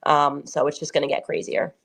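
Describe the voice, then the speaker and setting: A woman commentator speaking casually to her listeners in a relaxed, offhand way. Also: deep voice, brisk, gravelly, slightly rough. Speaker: commentator on a played clip.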